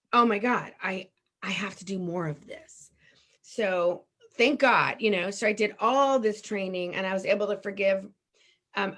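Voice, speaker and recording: A middle-aged woman from Texas, a guest telling a personal story in an emotional, animated and candid way. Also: mid-range voice.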